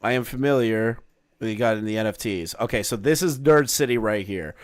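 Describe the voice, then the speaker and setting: A man commenting casually on a live stream, swearing often, reading documents aloud and breaking into loud exclamations. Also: fairly low pitch, moderate pace, no room sound, studio quality.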